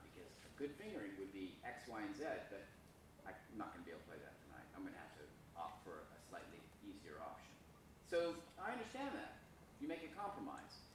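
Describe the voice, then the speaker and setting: A man teaching a school orchestra masterclass, frank and self-deprecating, singing phrases to show what he means. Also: fairly high pitch. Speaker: visiting violinist teaching a masterclass. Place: school rehearsal room, echoey. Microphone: recorded from afar by a room camera. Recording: echoey room, distant, noisy.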